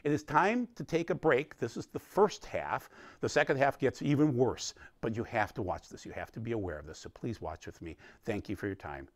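A man's voice: mid-range voice, expressive, brisk, dry recording. A man teaching a recorded Bible study, explaining with emphatic energy.

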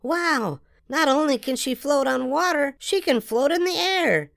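A woman's voice: sits high, expressive, unhurried, gravelly, fairly bright tone, no room sound, clean studio sound, pitched above the performer's own voice, full character voice. A woman voicing a boastful young boy who plays wizard and pirate, with a mock-grand, chanting delivery.

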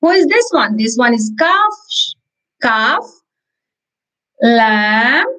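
A woman with an Indian English accent teaching preschoolers in an online class, telling a story slowly and repeating words for small children. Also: a little high, very animated, fairly bright tone, rough recording. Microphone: video call.

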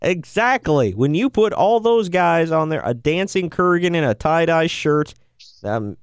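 A man's voice: a little high, unhurried, smooth, no room sound. A man co-hosting a wrestling podcast, chatting casually and joking around with frequent laughs. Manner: jokey, laughs often, excitable. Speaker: podcast co-host.

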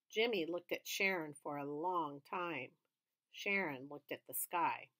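A woman's voice: low voice, unhurried, pushed and bright. Woman reading a children's book aloud. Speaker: storybook reader.

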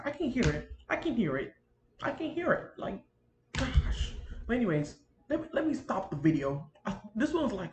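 A woman's voice: medium pitch, moderate pace, faint music behind. Chatty woman on an echoey laptop mic. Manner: rambling, animated, talks to viewers as y'all. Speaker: gaming YouTuber. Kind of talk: casual chatty vlog narration. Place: home room near a busy street. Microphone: built-in computer mic.

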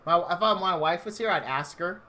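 A man in his thirties spins a chatty, rambling story for his stream viewers. His voice sits a little high and rings bright and forceful. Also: expressive, fairly quick. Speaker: game streamer. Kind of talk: casual storytelling on a live stream.

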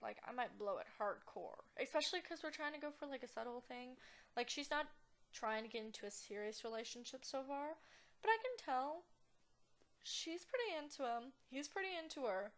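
A woman's voice: high voice, expressive, normal speed, fairly bright tone. A young woman giving casual let's-play commentary, chatty and playful, with exaggerated outraged reactions and giggles. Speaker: gaming channel host.

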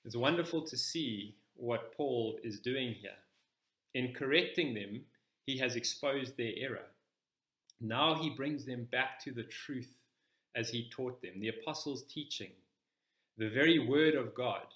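A man preaching a sermon in church, explaining scripture in a measured, step-by-step teaching manner. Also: mid-range voice, a bit bright, reverberant.

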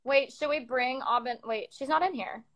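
A woman's voice: high-pitched, a loud crowd. A giggly woman hosting a casual group video chat over a phone, laughing often. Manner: giggly, bubbly, quick to laugh. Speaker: live stream host. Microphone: phone on a video call.

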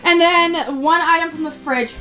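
Woman vlogger, giggly, high bouncy voice, music playing underneath. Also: moderate pace, bright, forceful tone, rough recording. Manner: giggly, playfully disgusted. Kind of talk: casual vlog chat. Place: small RV trailer kitchen. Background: background music.

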